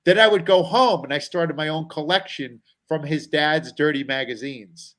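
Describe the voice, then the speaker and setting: A man's voice: a little high, moderate pace, rough recording. A middle-aged man, a comedian guest on a talk show, telling a personal story and acting out the voices of people in it. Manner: animated storyteller, acts out quoted voices.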